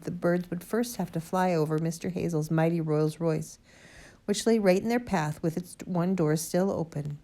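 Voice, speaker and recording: A woman narrating a children's storybook aloud in an expressive, lively way. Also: lowish voice. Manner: lively expressive reading, first-person boy narrator. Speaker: audiobook reader.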